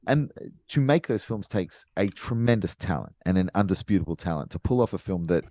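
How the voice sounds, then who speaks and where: A very low-voiced man talking films in casual podcast chat. He builds his points at length with emphatic enthusiasm. The sound is close and dry, with no room at all. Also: animated, a little fast, a little mellow, dry recording. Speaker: podcast co-host.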